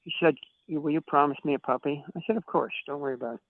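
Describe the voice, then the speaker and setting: A man guest with a slightly high voice tells rambling stories on a podcast. He swears freely and acts out what everyone said. His voice comes through a tinny, phone-like line with a dry sound. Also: fast, no room sound. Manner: profane, acts out quoted dialogue. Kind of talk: casual storytelling chat.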